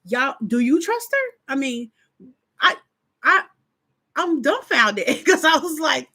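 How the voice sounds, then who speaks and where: A woman's voice: high-pitched, slow pace, long pauses. A woman hosting a live stream in casual chat, talking straight to her viewers and acting out her own reactions. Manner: chatty, animated, acts out her reactions; informal, talks straight to viewers.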